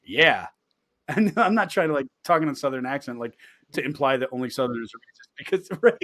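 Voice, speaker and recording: A man co-hosting a casual comedy podcast, rambling through animated banter and laughing often. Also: medium pitch, fairly quick. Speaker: podcast co-host.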